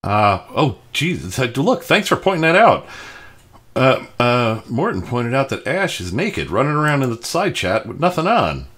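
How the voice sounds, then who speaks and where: A man hosting a livestream panel in casual chat, wry and quick to laugh as he calls on panelists. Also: medium pitch, sing-song, fairly bright tone. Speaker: livestream host.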